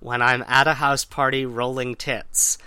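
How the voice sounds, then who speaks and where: Bright, crisp, dry-voiced man. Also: mid-range voice, little pitch movement, measured pace, no echo. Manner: hesitant, filler-heavy, dry humor. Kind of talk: casual chat.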